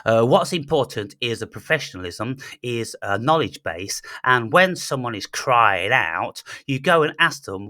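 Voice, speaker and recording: A man's voice: mid-range voice, expressive, a little slow, few pauses, bright, forceful tone, dry recording, studio quality. Blunt, profane man ranting. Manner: blunt, profane, full of fillers. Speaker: channel host. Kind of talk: ranting monologue.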